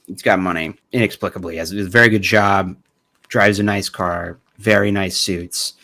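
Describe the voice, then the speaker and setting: A man's voice: deep voice, steady tone, moderate pace, sharp tone. A man in his thirties hosting a commentary vlog, talking casually and sarcastically, often laughing and swearing. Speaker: channel host.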